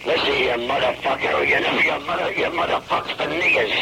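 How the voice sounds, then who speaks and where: A man on a phone call who swears nonstop and shouts threats, gravelly and furious. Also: medium pitch, brisk. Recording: noisy old phone tape.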